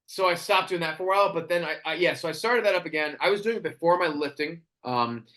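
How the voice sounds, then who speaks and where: Excitable male podcast guest, quick, a bit high-pitched, loves telling stories. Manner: excitable storyteller, quotes people in put-on voices. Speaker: podcast guest, wrestling cosplayer. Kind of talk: casual podcast chat.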